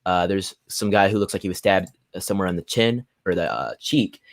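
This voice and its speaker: A young man hosting a solo political livestream, swinging from loud angry rants to low muttered asides as he reads articles aloud. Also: a little fast, vocal fry, dry recording, studio quality. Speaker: livestream host. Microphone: phone or computer mic at a desk.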